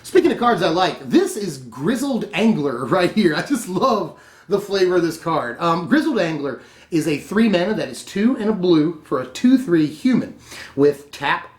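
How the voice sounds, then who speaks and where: A man's voice: high voice, sing-song, normal speed. A man hosting his own channel, reviewing card spoilers in a casual, enthusiastic chat and laughing often. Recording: roomy echo.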